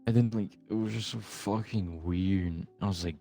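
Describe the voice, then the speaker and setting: A man's voice: sits low, moderate pace, vocal fry, dark tone, soft background music. A young man chatting casually while gaming, telling a long rambling story full of swearing. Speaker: gamer recording with a friend.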